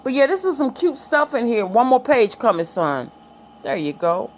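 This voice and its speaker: A woman's voice: fairly high pitch, sing-song, normal speed, slight background noise. A middle-aged woman vlogging in a casual, chatty way, telling stories, laughing often and talking to her viewers and a child. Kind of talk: casual chat, reminiscing.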